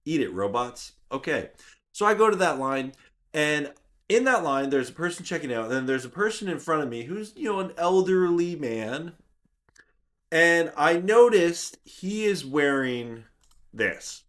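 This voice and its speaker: Animated man telling a story. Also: a little high, unhurried. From Canada. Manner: animated, self-mocking storyteller. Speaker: YouTube channel host. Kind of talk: vlog storytelling.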